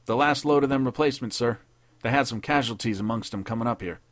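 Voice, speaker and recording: A man's voice: mid-range voice, fast talker, no echo, pitched above the performer's own voice, close to an everyday voice. A man voicing a plain-spoken army corporal with folksy, drawling speech. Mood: dutiful.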